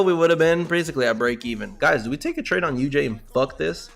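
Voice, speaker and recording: Fast-talking profane male trading streamer. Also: fairly high pitch, vocal fry, soft background music. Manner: profane, animated, repeats himself, talks to chat. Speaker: livestream trading host. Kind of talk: casual livestream chat.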